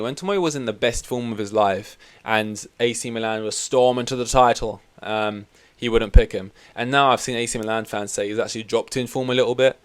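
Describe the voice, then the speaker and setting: A man's voice: medium pitch, smooth. A young man hosting a podcast, rambling through a casual football chat with sweary, wry complaints. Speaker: podcast host.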